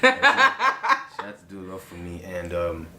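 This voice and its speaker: A young man with a Nigerian accent talks fast in a deep, level voice during a casual interview, a crowd audible behind him. He's easygoing, laughs frequently, and fills with "you know," the room echoing.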